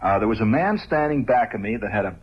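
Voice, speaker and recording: A man with a husky, slightly rough voice spins a rambling radio monologue full of conversational asides and little chuckles. The sound is dull and lo-fi, like an old radio recording. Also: on the low side, expressive, fast talker. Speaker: radio host. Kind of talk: storytelling monologue.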